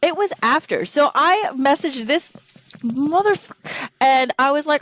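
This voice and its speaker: High-voiced woman in blunt casual chat. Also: expressive, a little slow, fairly bright tone. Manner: blunt, swears, quotes characters sarcastically. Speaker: podcast co-host. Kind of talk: casual chat recapping a book series.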